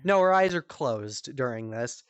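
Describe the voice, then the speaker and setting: Animated swearing woman telling a story. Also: measured pace, clear, resonant tone, no echo. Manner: animated, swearing freely, jumps into high voices for quotes. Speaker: comedy show host. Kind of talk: casual storytelling. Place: virtual-world live stream.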